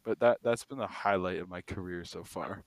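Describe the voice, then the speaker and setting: A man's voice: low voice, fairly quick, dry recording. A young man telling a funny work story in a casual podcast chat, laughing and acting out other people's lines. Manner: animated storyteller who acts out quotes, laughs a lot. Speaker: podcast co-host.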